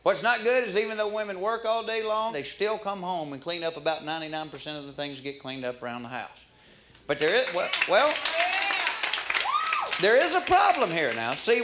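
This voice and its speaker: A man's voice: high voice, animated, normal speed. A man performing a folksy stand-up routine on a comedy club stage, with audience laughter behind him. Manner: folksy, drawling storyteller. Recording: live club recording, roomy, audience noise.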